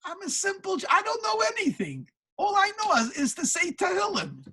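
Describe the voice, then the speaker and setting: Woman storyteller doing a self-effacing old pious man, husky, a bit high. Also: very animated, normal speed, fairly bright tone, full character voice. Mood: humble protesting. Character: humble old man who only recites psalms.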